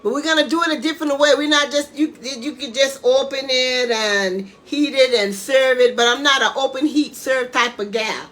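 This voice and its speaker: A woman's voice: high-pitched, moderate pace, few pauses, a bit bright. A woman hosting her own home cooking live stream, chatting casually and often checking in with "okay?". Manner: chatty, tags lines with "okay?". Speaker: home cooking show host.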